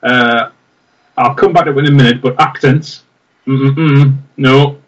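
A man's voice: medium pitch, fairly even intonation, unhurried. Rambling man, muffled and distant. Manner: enthusiastic, rambling with fillers. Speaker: podcast co-host. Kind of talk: casual film chat.

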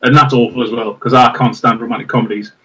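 A man's voice: medium pitch, steady tone, fast talker, sharp tone, far from the mic, muffled recording. A man co-hosting a casual film chat, enthusiastic and rambling with many fillers. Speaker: podcast co-host.

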